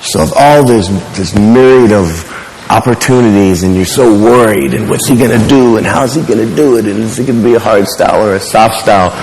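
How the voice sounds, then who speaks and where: A man teaching a martial arts class, telling lively stories and putting questions to his students. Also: lowish voice, a little fast, a little hiss or hum. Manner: animated storyteller, asks the class questions. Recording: echoey hall with faint ambience.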